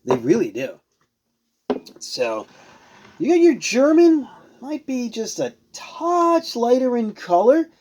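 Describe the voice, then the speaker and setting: A man's voice: very high voice, wildly swooping pitch, slow, pauses often, a little mellow. A man casually reviewing and tasting beers on a show he hosts, rambling and searching for words as he goes. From Rhode Island. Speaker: beer reviewer.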